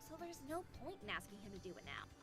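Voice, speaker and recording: A man voicing a calm, level-headed young woman tech assistant who speaks in a matter-of-fact way. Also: high voice, very fast, over music, voice pushed up, full character voice.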